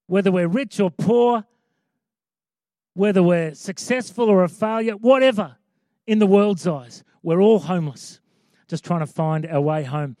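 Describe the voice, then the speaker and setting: A man's voice: high-pitched, normal speed, mellow, no room sound, clean studio sound. A man preaching a sermon as pastor, conversational with emphatic repeated lines.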